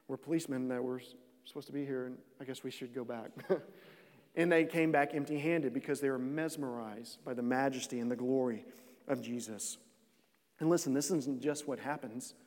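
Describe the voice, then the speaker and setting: A man's voice: a little high, darkish tone, in a large hall. A pastor preaching a sermon, earnest, repeating phrases and restarting lines as he builds his points.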